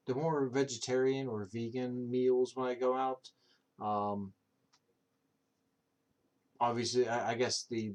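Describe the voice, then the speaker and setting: This medium-pitched, slightly mellow male voice belongs to a man in his thirties having a casual chat on a stream. He rambles, swears freely, and leans heavily on fillers like "um" as he tells stories.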